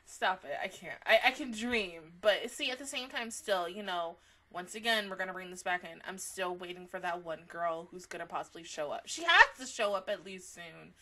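A young woman chatting casually about an episode she just watched, excitable and laughing often, with a casual habit of swearing. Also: fairly low pitch, moderate pace. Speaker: anime reaction vlogger. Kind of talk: casual reaction chat.

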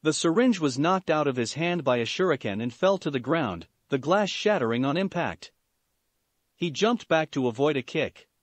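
A man narrating a fan fiction story in a plain, steady reading voice. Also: a little high, moderate pace, dry recording.

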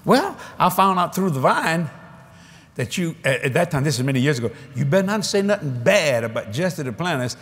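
A man preaching at a convention, telling a story in a folksy, animated way with frequent restarts, speaking into a stage microphone before a congregation. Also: fairly high pitch, brisk. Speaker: evangelist preacher. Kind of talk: storytelling sermon.

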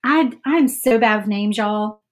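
A woman's voice: mid-range voice, unhurried. A woman chatting casually while she paints on a livestream, self-doubting and saying "y'all" often. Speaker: craft livestream host.

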